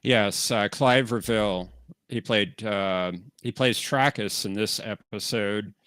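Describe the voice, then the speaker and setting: A man co-hosting a live watch-along, offering dry, informative remarks with quiet amusement. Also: on the low side, slow pace, smooth, no echo. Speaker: co-host of a show watch-along. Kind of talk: casual live commentary.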